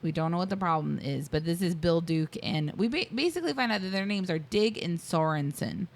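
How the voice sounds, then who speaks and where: A woman's voice: fairly low pitch, fairly quick, gravelly. A woman co-hosting a podcast, recapping a movie in casual chat, giggling often and acting out the characters' lines as she tells the story. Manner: giggly, animated storytelling with quoted voices. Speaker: podcast co-host.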